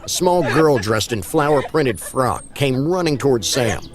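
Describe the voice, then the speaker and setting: A man reading a spooky story aloud in steady storytelling narration. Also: mid-range voice, measured pace, over loud music.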